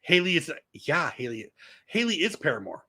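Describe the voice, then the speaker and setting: A man in his fifties talking casually to viewers on a live stream, answering comments as they come in. His voice sits a little high for a man, with a bright, forward edge and a lively pitch that swings widely when something excites him. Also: normal speed, breathy edge. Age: 50s. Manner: animated, excitable, talks back to chat. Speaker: vlogger hosting a live stream.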